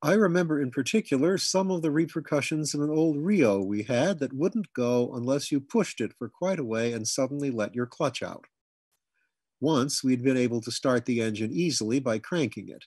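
A man reading a humorous memoir aloud in scripted narration, now and then jumping into loud, high shouts for the family members he quotes. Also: husky, no echo. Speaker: audiobook reader.

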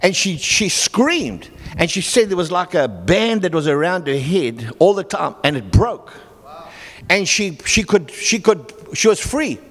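High-voiced pastor preaching. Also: male voice, animated, fairly bright tone. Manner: storytelling, halting restarts, acts out the people in his stories. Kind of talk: sermon. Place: church hall. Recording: long reverb in a church hall.

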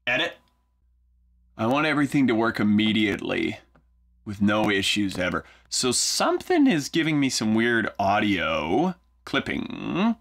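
This songwriter's voice is lowish and gravelly yet fairly bright, swinging widely in pitch at a normal speed. Filming his vlog in his home studio, he muses aloud over his work in a casual, self-mocking, wry way.

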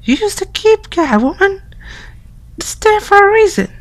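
A man voicing a sarcastic teenage friend in a high, breathy whisper with a mocking manner. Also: sing-song, unhurried, exaggerated voice. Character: teasing, snarky teenage friend. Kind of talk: voicing game dialogue.

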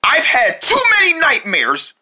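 Someone voicing an excitable, panicky cartoon guy who yelps and shrieks in alarm, in a homemade cartoon. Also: high voice, measured pace, pitched above the performer's own voice, full character voice. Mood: frantic.

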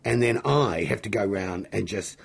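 In a fairly low voice at a moderate pace, a middle-aged man with a New Zealand accent rambles through excitable, humorous stories during an interview. His tone is gravelly and husky.

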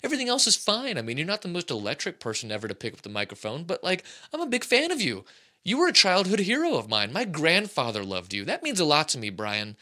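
A man in his thirties hosting a casual sports podcast, talking in an animated, rambling, jokey way. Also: on the high side, fast. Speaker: podcast host.

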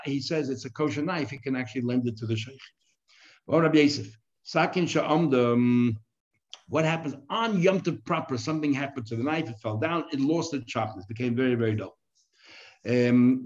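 Man, rabbi, daily Talmud class, reads Aramaic then explains in English, lo-fi sound. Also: mid-range voice.

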